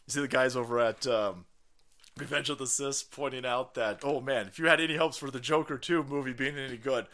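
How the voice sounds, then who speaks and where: A man's voice: mid-range voice, fairly bright tone. A man hosting a livestream, ranting in profane political commentary with a mocking, sarcastic manner and frequent laughter. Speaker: livestream host.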